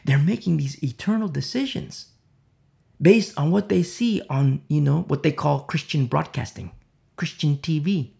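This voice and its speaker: Impassioned preacher with a gravelly voice. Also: male voice, on the high side, measured pace, warm tone. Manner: impassioned, rambling with many fillers. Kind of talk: informal sermon.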